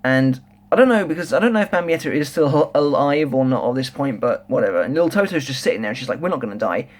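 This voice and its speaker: A man's voice: on the high side, quick pace. Rambling young man reviewing manga. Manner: rambling, lots of ums and restarts, excitable. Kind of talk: casual solo review chat.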